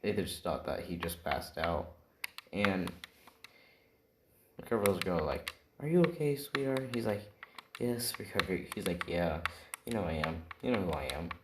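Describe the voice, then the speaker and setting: A man's voice: low voice, measured pace, long pauses. A man casually improvising a story, rambling with constant "right?" and "like" fillers. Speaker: storyteller of an anime fan scenario. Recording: roomy, noisy home recording with typing.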